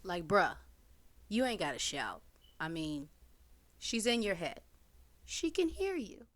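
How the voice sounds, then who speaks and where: A woman's voice: on the low side, slow pace. Chatty woman giving casual commentary. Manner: chatty, animated, slangy asides. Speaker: channel host reading a comic.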